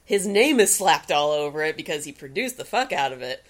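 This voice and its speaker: Giggly woman with a lively voice. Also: sits low, a little fast. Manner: giggly, chatty. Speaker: podcast co-host. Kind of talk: casual podcast chat.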